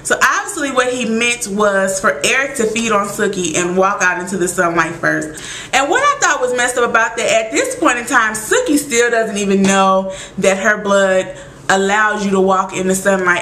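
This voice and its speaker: A woman chats through a TV episode recap, exclaiming and acting out her reactions. Her voice sits a little high and sounds bright and sharp. It is recorded in an echoey room with a faint hiss behind her. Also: animated, moderate pace.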